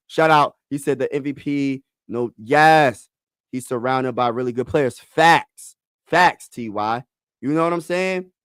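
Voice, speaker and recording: An excitable man giving casual sports commentary and calling out to his viewers. His voice sits a little high for a man, and the recording is dry and close. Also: no room sound. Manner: excitable, talks straight to viewers with shout-outs. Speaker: sports vlogger host.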